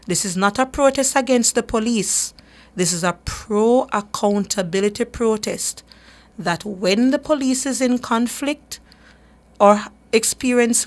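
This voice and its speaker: A woman hosting a talk radio show, her voice sitting at an ordinary middle pitch. She speaks with earnest emphasis and often repeats a word or two while she finds her next thought. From Jamaica. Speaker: radio show host for a human rights group.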